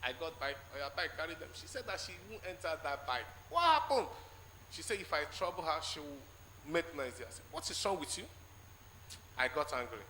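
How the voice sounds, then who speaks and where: A man with a Nigerian English accent tells his testimony in a large church, his bright, fairly high voice ringing with long hall reverb. He tells it haltingly, stopping to act out what each person said. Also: animated. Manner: halting storytelling, acting out quoted exchanges. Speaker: church member giving a testimony. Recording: echoey church hall with faint noise.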